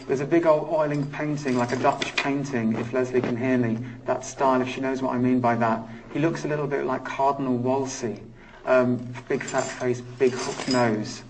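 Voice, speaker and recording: A man working as a psychic medium on a live ghost hunt, talking in halting bursts and repeating his words. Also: mid-range voice, recorded from a distance, background noise. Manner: halting, repeats words, speaks of feeling panic and anger. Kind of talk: live paranormal investigation.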